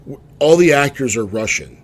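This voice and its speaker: A man's voice: medium pitch, expressive, moderate pace. A man co-hosting a podcast in casual chat, telling loose, rambling stories. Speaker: podcast co-host.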